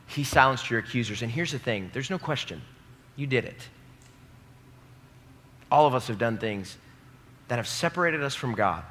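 Young male preacher, bright and forceful, emphatic sermon delivery with crowd call-and-response, long hall reverb. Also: mid-range voice, animated, normal speed. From American Midwest. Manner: emphatic, rising to loud peaks, calls the audience to repeat lines. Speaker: pastor. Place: large hall before a live congregation.

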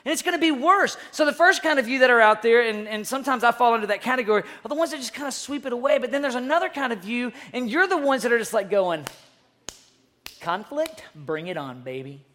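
A woman's voice: on the high side, expressive, quick pace, hardly any pauses, fairly bright tone. A woman youth pastor giving an evening sermon in a casual, conversational way, often restarting phrases and acting out quoted voices. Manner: acts out quoted voices to make points.

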